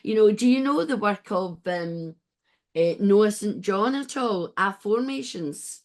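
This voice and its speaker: A woman hosting an interview podcast, chatting in a rambling, warm way with many restarts. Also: mid-range voice, expressive, a little slow. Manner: warm, rambling, gets emotional and laughs. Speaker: podcast host. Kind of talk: casual interview chat.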